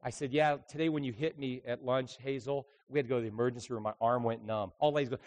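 A man, a traveling evangelist, preaching a sermon full of lively stories, dropping to quiet asides and then rising into loud, emphatic bursts. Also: mid-range voice, quick pace, few pauses. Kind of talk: sermon with storytelling.

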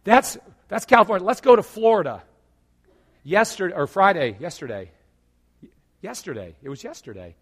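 Higher-pitched preacher, hushed then booming. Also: male voice, very animated, moderate pace, pauses often, breathy edge. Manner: swings from hushed storytelling to loud emphatic preaching. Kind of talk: sermon with storytelling.

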